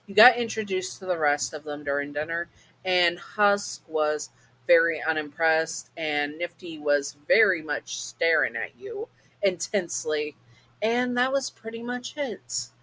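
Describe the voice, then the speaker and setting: Woman reading a fan story to you, chatty and casual, kinda low voice. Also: lively intonation, unhurried, a bit bright, low-quality recording. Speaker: storyteller, channel host. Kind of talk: second-person storytelling.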